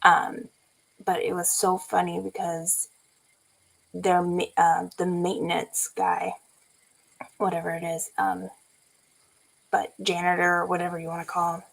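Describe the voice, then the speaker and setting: Woman in her 40s, from california, gravelly husky voice, slow easy pace, keeps laughing. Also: lowish voice, poor audio. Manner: animated, laughing often. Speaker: vlogger. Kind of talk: casual storytelling.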